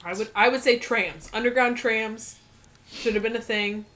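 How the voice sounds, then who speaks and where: A woman's voice: fairly high pitch, steady tone, moderate pace, a bit bright. A woman co-hosting a casual movie-watching chat, talking in a chatty, rambling way and giggling often. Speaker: co-host.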